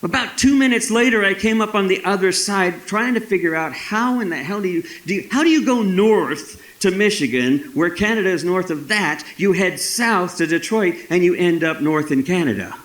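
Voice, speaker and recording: A man's voice: high voice, animated, moderate pace, few pauses, a bit bright, echoey room, rough recording. A man in his sixties from Texas, telling a story live at a festival in a folksy, dramatic way with wry asides. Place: festival stage.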